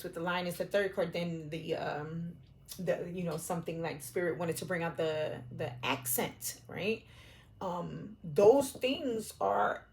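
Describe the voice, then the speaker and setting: A middle-aged woman gives an intuitive tarot reading at an unhurried pace. Her speech wanders, full of fillers and restarts and the odd casual swear, and it sinks soft and emotional at times. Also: mid-range voice. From Puerto Rican, raised in Brooklyn and Philadelphia. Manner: rambling and searching, many fillers and restarts, casual cussing. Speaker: tarot reader.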